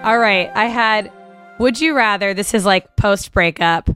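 A woman's voice: medium pitch, unhurried, over loud music. A woman co-hosting a podcast in casual chat about a reality dating show, giving short agreements and blunt opinions. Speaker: podcast co-host.

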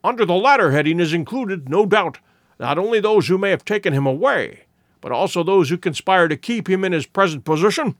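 A cold, exacting male detective, as a man reads him aloud in a storybook. He speaks in a measured, inexorable way with a fairly high, lively voice. The sound is close and dry. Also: no echo. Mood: cool, measured.

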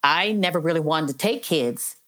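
A middle-aged woman who works as a probation officer tells stories in a conversational interview, earnest and heartfelt, using lots of "you know" fillers. Her voice is low and fairly bright, at a normal speed.

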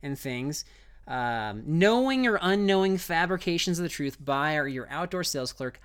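A man's voice: a little high, lively intonation, moderate pace, a bit bright, clean tone. A middle-aged man hosting a casual podcast, teasing his co-host and restarting his sentences often.

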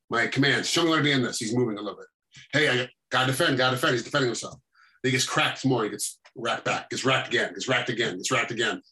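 A middle-aged man, a combat sports referee, telling animated stories in a casual chat and acting out what people said. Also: medium pitch, rough recording. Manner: animated storytelling, acting out quotes. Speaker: MMA referee, guest.

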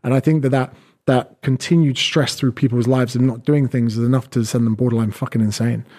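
Casting note: brash man, rapid-fire podcast guest, swears freely. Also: medium pitch, fairly even intonation, dark tone. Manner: fast, blunt, swears a lot, acts out quotes. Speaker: guest, personal trainer. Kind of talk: podcast conversation.

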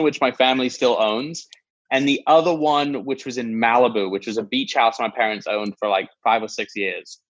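A man's voice: medium pitch, a bit bright. Rambling male guest on a dull line. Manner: rambling, loose storytelling with many fillers. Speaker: podcast guest. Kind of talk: casual chat.

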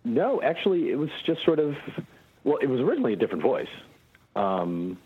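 Brief: male interview guest, relaxed storyteller, animated delivery, husky edge. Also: mid-range voice, brisk, phone-quality sound. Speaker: voice actor guest. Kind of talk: casual interview answers.

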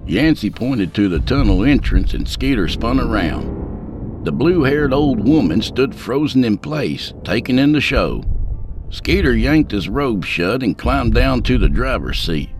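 A man's voice: medium pitch, very animated, a little slow, over music. A man narrating a scripted story in a dry, folksy, humorous way. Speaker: narrator and host.

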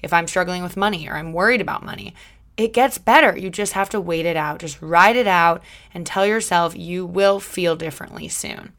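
A woman's voice: lowish voice, moderate pace, music in the background. A woman hosting her own podcast alone, chatting casually in a bubbly, upbeat way and giving encouraging pep talks. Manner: bubbly, chatty and upbeat, with excited loud greetings; encouraging, motivational pep talk. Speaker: podcast host. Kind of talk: solo podcast monologue, casual chat.

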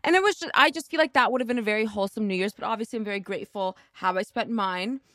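In London, a woman co-hosts a podcast, telling stories in casual chat, swearing freely, and acting out what people said with animated energy. Her mid-range voice is very fast, and the recording is dry and clean, with studio sound.

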